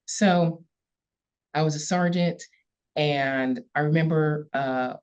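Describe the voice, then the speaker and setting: A woman's voice: low voice, takes it slowly, a little mellow, smooth. A woman police chief telling a story in a podcast interview, earnest and emphatic, repeating key words for weight. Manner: earnest, repetitive emphasis, gets emotional. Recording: slightly dull lo-fi audio.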